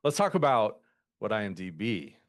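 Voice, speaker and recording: A man with a lowish voice co-hosts a podcast in crude, jokey chat, often calling his partner dude. The sound is dry, with no room echo. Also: very animated, moderate pace. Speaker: podcast co-host. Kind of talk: casual chat.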